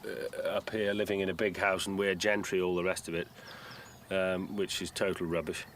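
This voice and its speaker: A man's voice: deep voice, little pitch movement, normal speed, crowd noise. A middle-aged man from Cumbria, a farmer, speaking modestly and hesitantly in a documentary interview recorded outdoors. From Cumbria, England. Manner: modest, hesitant, many ums. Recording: outdoor noise, rural background.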